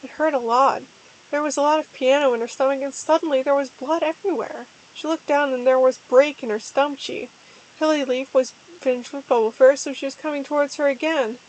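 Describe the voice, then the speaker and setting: A woman's voice: sits high, a little mellow, rough recording. A woman giving a mock-earnest, stumbling dramatic reading of a parody fan story. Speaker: dramatic reader.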